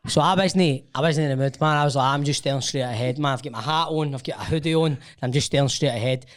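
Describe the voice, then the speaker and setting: A man's voice: medium pitch, a little fast. A man with a Scottish accent, co-hosting a podcast and telling a funny story in casual banter. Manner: animated, laughs a lot while telling stories. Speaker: podcast co-host. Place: podcast studio.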